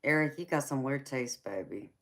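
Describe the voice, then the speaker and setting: A woman's voice: a bass voice, moderate pace. A woman hosting a casual live stream as a tarot reader, chatting and teasing viewers, calling them honey and baby and laughing often.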